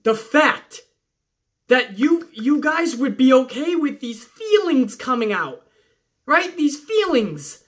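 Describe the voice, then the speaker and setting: A woman's voice: sits high, big pitch swings, slow. A woman reviewing a wrestling show in a sarcastic, exasperated rant full of swearing. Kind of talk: profane recap rant.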